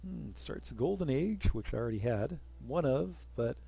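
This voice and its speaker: A young man talks through a strategy game in a casual let's-play style, his voice gravelly with fry. He drifts between dry, sarcastic quips and low muttered asides to himself. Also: expressive, moderate pace, warm tone. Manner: sarcastic, mutters asides, breaks into snippets of song. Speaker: gameplay commentator.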